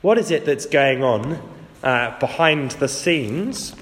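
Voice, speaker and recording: A man's voice: medium pitch, expressive, slow pace, a bit bright. A man preaching a sermon in a conversational, lightly humorous way, acting out the quotes he gives. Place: church. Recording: long church reverb.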